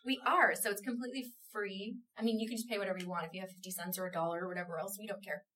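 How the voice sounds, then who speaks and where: A woman who runs a theater company, chatting in an interview and telling a story with animated, emotional energy. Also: mid-range voice, racing, distant mic, low-quality recording. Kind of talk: casual interview chat.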